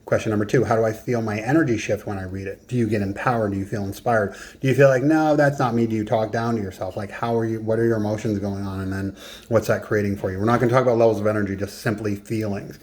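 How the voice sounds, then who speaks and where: A man's voice: on the low side, fairly even intonation, fast, darkish tone. A man coaching in a casual, conversational lesson, emphatic and given to joking asides. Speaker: business and life coach.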